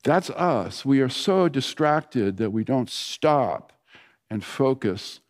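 A man in his sixties preaching in a relaxed, storytelling manner, his voice sitting at an ordinary middle pitch. He tells homely anecdotes to his congregation and slips into a quiet, hushed tone for short prayers. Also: takes it slowly, in a large hall. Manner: conversational storytelling preacher, drops to a soft hush for prayers. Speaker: pastor. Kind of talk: sermon.

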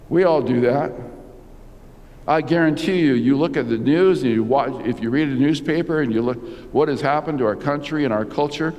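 Older pastor preaching in a reverberant hall. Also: male voice, mid-range voice, darkish tone. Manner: conversational preaching with rhetorical questions and restarts. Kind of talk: sermon. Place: church.

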